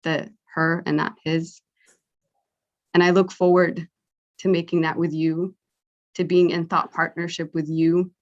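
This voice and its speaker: A woman running for county council speaks without a script, earnest and a little playful. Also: lowish voice. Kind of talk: unscripted campaign speech. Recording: muffled lo-fi audio.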